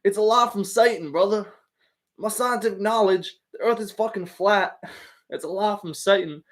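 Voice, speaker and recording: A man's voice: high voice, moderate pace, pitched above the performer's own voice, natural voice. A man doing a preachy hillbilly drawl. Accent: Southern US put on.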